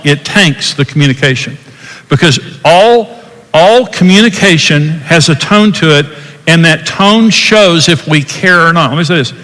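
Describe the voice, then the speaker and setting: A man's voice: a little high, fairly bright tone, in a large hall, poor audio. An older man giving a folksy teaching talk on marriage, repeating himself and acting out different tones of voice.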